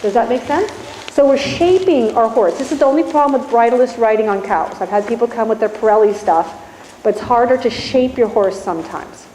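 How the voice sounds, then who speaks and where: A woman with a fairly high voice coaches riders live, giving steady directions and encouragement. She is recorded in an echoey indoor arena with faint background noise. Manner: encouraging, directive, talks through instructions. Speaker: riding instructor. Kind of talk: live coaching during a riding lesson.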